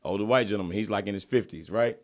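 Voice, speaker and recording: A man hosting a podcast, telling an animated story in casual chat with slang and profanity. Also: lowish voice, fast. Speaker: podcast host.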